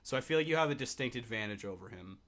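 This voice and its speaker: Profane joking man ranting, bright voice. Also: medium pitch, expressive, racing. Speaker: podcast co-host. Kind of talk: casual chat.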